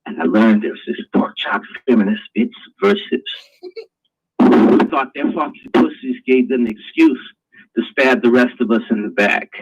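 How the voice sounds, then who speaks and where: A man's voice: mid-range voice, very animated, normal speed, husky, muffled recording. A man hosting a live online talk show, ranting in a crude, preachy way. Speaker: host.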